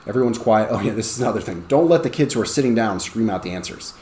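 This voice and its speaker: A man's voice: on the low side, expressive, fast, a little mellow. A male ESL teacher talks other teachers through a lesson plan in a conversational way, often checking in with "okay?". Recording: roomy with faint background noise.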